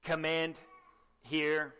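A young man preaching a sermon with earnest exhortation, often asking the listeners direct questions and clearing his throat. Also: a little high, little pitch movement, drawn-out words, bright, forceful tone, big-room sound.

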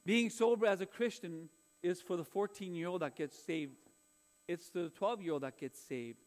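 A man's voice: high voice, moderate pace, a little mellow. A man, preaching a sermon in an earnest, conversational way and weaving in personal stories. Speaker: pastor.

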